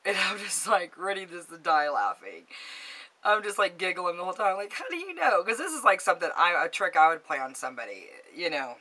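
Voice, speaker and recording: Bright-voiced chatty woman vlogger. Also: fairly low pitch, expressive, brisk. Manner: chatty, gossipy, acts out both sides of conversations; swears casually and giggles through the story. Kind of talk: casual storytelling vlog.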